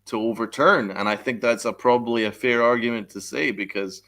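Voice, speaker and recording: A man's voice: mid-range voice, brisk, fairly bright tone. A man hosting a live sports podcast, venting angrily with heavy swearing and reacting to chat messages. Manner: angry, profane, venting; reads chat messages aloud. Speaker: podcast host. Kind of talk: live-stream sports rant.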